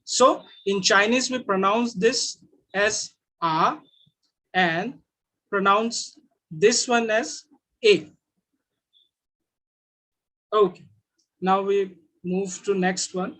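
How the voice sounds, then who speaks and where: A man with an Indian English accent teaching Mandarin sounds in an online class, repeating each sound slowly. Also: sits high, sharp tone.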